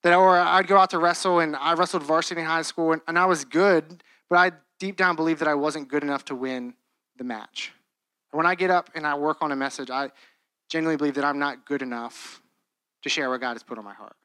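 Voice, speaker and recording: A man's voice: on the high side, steady tone, a little fast, pushed and bright, clean tone, dry recording. A young man in his twenties preaching a sermon in an earnest, conversational way, with frequent restarts and casual fillers.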